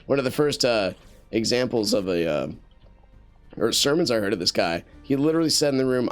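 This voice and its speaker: A man's voice: medium pitch, expressive, a little fast, faint music behind. A man giving casual commentary while playing a game, talking in an earnest, rambling way with many restarts and fillers into a USB studio microphone. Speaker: gameplay commentator.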